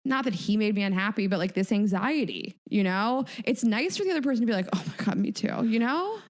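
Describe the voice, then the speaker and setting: A woman's voice: a little high, lively intonation, quick pace. A woman in her thirties co-hosting a podcast, talking candidly and casually with occasional swearing. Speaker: podcast co-host. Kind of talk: casual chat.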